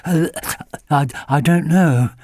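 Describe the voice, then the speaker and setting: A man's voice: fairly high pitch, slow, dark tone, no room sound, studio quality, voice pushed up. A man voicing a frightened young male puppy who begs tearfully and apologizes desperately in a storybook reading. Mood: nervous.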